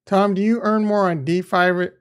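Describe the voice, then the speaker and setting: A man livestreaming a crypto game and chatting to viewers, excitable and rambling, laughing often and swearing casually. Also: high voice, normal speed, smooth. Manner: rambling, thinks aloud. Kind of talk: live stream commentary.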